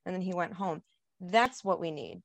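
A woman co-hosting a podcast, chatting casually and retelling a story with animated quoted lines. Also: fairly low pitch, moderate pace, creaky, no room sound. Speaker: podcast co-host. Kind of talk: casual chat.

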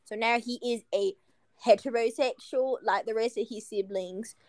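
A woman plays a chatty, folksy Southern mom with a fake US Southern drawl, gossipy and proud. The voice sits a little high and sounds dry. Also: steady tone, normal speed, a little mellow, no room sound, close to an everyday voice. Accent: put-on US Southern. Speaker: podcast co-host.

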